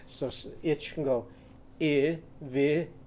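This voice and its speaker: A man's voice: on the high side, expressive, a little slow, warm tone. A man teaching a children's phonics lesson, modelling sounds in a sing-song way for the class to repeat.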